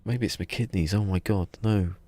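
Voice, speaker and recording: A man's voice: on the low side, normal speed, warm tone, a little hiss or hum. A man, chatting casually on a game live stream and muttering to himself as he tinkers. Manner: rambling, mutters to himself while he works. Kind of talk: casual live-stream chat while playing.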